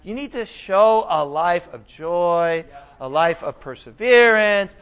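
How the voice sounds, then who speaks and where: A man teaching a Bible lesson in a casual, animated sermon style, often asking his listeners questions. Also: sits high, takes it slowly, clear, resonant tone, dull audio, soft background music. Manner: animated, conversational, asks the audience questions.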